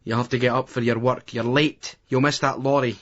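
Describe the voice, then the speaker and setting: A man reading an audiobook, voicing a strict, fed-up middle-aged mother who scolds in a shrill, clipped Scottish voice. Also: level tone, fairly quick, fairly bright tone, lightly acted. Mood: scolding. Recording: dull lo-fi audiobook recording.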